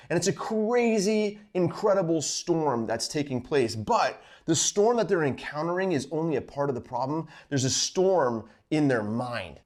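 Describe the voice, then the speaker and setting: A man hosting a fishing vlog, giving an informal Bible study with animated storytelling full of "like"s. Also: mid-range voice. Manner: animated storytelling, acts out scenes, many "like"s.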